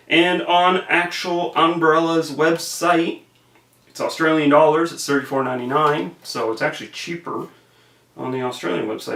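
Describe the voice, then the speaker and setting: A man's voice: mid-range voice, creaky, a bit bright. A man giving a casual, rambling film review to camera, offhand and profane. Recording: roomy echo.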